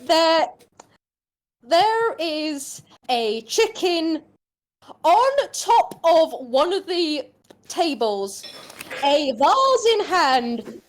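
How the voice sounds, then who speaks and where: High-voiced woman game master. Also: big pitch swings, very slow, long pauses, a little hiss or hum. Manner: chatty, lots of fillers. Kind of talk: narrating a tabletop game.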